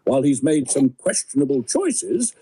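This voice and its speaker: A jolly old Santa Claus, voiced by a synthetic man, weighs his words in a measured, festive way. His pitch rolls up and down with animation over a mellow, slightly husky tone. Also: big pitch swings, exaggerated voice. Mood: thoughtful.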